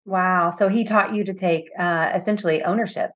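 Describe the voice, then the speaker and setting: Female podcast host, lowish voice, thoughtful questions, easy conversational tone. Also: fairly even intonation, moderate pace. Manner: reflective, asks thoughtful questions. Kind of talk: casual interview conversation.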